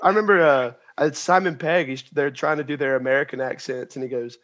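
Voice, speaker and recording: A man's voice: medium pitch, a little fast, fairly bright tone, muffled recording. A man on a casual podcast, giggly and playful. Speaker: podcast guest. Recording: noisy background.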